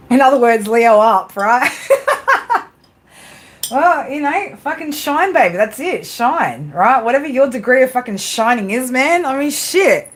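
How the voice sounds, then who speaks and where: A woman hosts a casual livestream, giving her viewers a pep talk. She is blunt and swears constantly, tagging her sentences with "right?" and "you know?". Her voice sits a little high. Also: sing-song, takes it slowly, pauses often. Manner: blunt, swears constantly, frequent tag questions. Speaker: tarot reader and livestream host.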